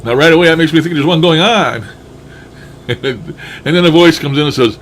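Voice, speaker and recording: A man's voice: a little high, expressive, brisk, fairly bright tone. Guy chatting casually about his recordings, chuckles a lot, bit of cussing, faint noise behind. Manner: chuckling, musing, mildly profane. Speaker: paranormal enthusiast reviewing his recordings. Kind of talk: casual commentary over playback.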